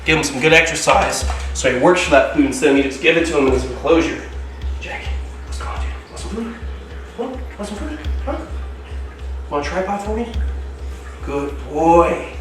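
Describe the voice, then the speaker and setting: A man's voice: on the high side, moderate pace, long pauses, a bit bright, faint music behind. A man hosting a casual animal-keeping vlog, talking enthusiastically and coaxing his reptiles along. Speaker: reptile keeper and show host. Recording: echoey room from a distance.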